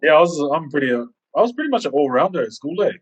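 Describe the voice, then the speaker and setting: A man's voice: fairly high pitch, fast, slightly rough, poor audio. A man co-hosting a casual podcast chat, telling stories animatedly and acting out quoted lines. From Samoan community in New Zealand. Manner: animated storyteller who acts out quotes. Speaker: podcast co-host.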